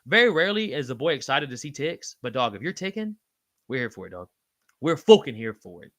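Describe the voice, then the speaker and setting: Man, livestream host, casual slangy chat, lots of swearing, bright voice, dry close sound. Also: a little fast, no room sound. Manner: swears freely, slangy, shouts out chatters by name; pitch jumps high when excited.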